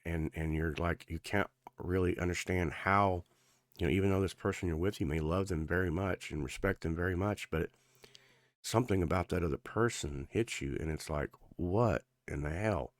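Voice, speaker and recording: A man's voice: sits low, normal speed, no echo, clean studio sound. A man giving a casual tarot reading in an earnest, rambling way, with many fillers and restarts, his speech a little thick from sore gums. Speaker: tarot reader.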